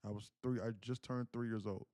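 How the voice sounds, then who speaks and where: A man's voice: on the low side, fairly even intonation, brisk, dark tone, dry recording, clean studio sound. A man around thirty, a livestream host, earnestly telling a personal family story and often repeating his phrases. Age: 30s. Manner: earnest, candid, repeats himself while recounting. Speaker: day trading livestream host.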